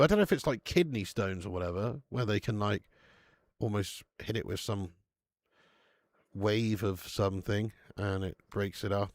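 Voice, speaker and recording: A man's voice: on the low side, a little mellow, no echo. Male streamer, casual and chatty, laughs easily, swears, dry close sound. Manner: reads out viewer messages. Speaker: host of a live football watch-along. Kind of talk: casual live stream chat.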